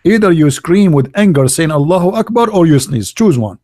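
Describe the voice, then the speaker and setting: A man talking in a casual, sarcastic monologue, full of halting fillers and mockery. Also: a little high, lively intonation, dark tone, dry recording, studio quality. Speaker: online religious debater.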